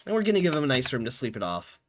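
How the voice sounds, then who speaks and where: During a casual live stream, a game streamer talks at a racing pace in a very animated, medium-pitched voice. The streamer laughs a lot and often starts sentences over while playing.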